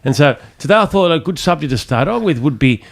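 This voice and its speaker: A man's voice: fairly high pitch, expressive, fast talker, vocal fry. A man hosting a podcast from a studio, cheerful and laughing often in a casual chat. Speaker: podcast host.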